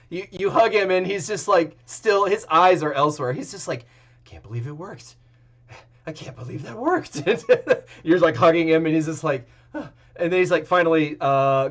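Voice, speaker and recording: A man narrating as game master of a tabletop game, rambling with many fillers. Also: a little high.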